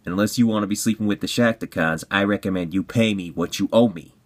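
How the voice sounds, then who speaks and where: A man putting on a gangster-like robot heavy, drawling slowly and low, leaning on each threat. A cartoon villain with a thuggish swagger. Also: natural voice. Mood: threatening. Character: menacing gangster-like male robot enforcer.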